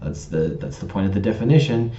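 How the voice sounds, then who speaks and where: A man with a low, mellow voice rambles through a personal story, stopping to correct word choices and restarting his sentences. The recording sounds roomy and a little dull. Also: sing-song, brisk, slight background noise. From Canada. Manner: pedantic, digressive, with many ums and restarts. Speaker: vlogger telling a personal story. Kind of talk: casual storytelling to camera.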